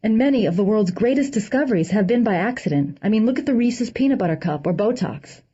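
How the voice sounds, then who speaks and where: A woman's voice: medium pitch, lively intonation, quick pace, dark tone, breathy edge. A woman reading a humorous essay aloud with a dry comic delivery, acting out the quoted lines. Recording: dull lo-fi recording.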